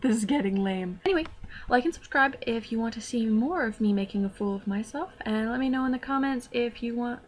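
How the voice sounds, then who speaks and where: A young woman, telling a self-deprecating story to camera in casual vlog style. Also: fairly high pitch. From Canada. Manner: chatty, self-deprecating, quick asides. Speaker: vlogger.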